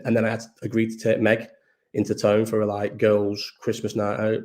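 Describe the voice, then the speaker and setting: A man's voice: on the low side, completely flat delivery, fairly quick, a little mellow. A tired man, hosting a live chat in a rambling casual way, swearing often and trailing off mid-sentence. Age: 30s.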